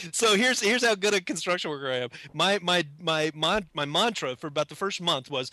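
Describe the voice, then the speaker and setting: A man's voice: sits high, lively intonation, a little fast, few pauses, sharp tone, dry recording. A man casually telling a self-mocking story, acting out his own shocked reactions. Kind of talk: casual anecdote.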